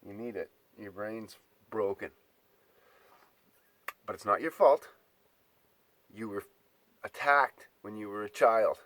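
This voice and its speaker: A man's voice: on the low side, slow, long pauses, a bit bright. A man delivering an exasperated, profane ranting monologue, mocking his listeners.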